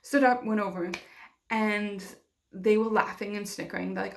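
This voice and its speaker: A young woman talks straight to camera, telling a personal story in a candid, chatty way full of fillers. Her voice has a gravelly, fried edge at a middling pitch. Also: fairly even intonation, moderate pace. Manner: candid, conversational, many fillers. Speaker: vlogger.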